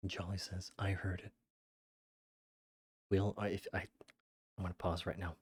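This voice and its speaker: A man streaming a game as a VTuber, reading viewer messages aloud in a flat, rattled-off list and sounding exasperated. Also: sits low, measured pace, husky, no echo, studio quality. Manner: exasperated, rambling. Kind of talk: casual livestream chat while gaming.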